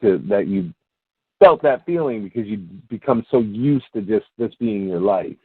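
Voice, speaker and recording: Low-voiced male interviewer. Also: lively intonation, normal speed, breathy edge, no room sound, narrow, tinny audio. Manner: reacts with short exclamations. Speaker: interview host. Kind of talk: casual interview.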